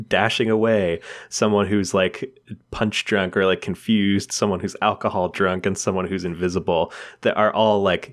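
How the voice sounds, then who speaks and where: A man co-hosting a podcast, chatting casually and laughing often between thoughts. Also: deep voice. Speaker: podcast co-host. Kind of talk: casual chat about comics.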